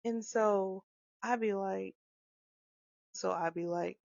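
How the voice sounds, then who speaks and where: A woman talking in a casual monologue about parenting, animated and acting out quoted dialogue. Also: medium pitch, slow, vocal fry, no echo. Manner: animated, acts out quoted dialogue, frequent laughs. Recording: dull, dry close-mic sound.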